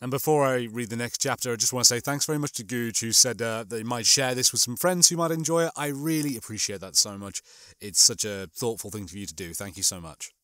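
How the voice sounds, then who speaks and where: A man reading a comic sci-fi novel aloud and chatting between chapters in an animated way. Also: mid-range voice, fast talker, dry recording, studio quality. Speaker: audiobook reader.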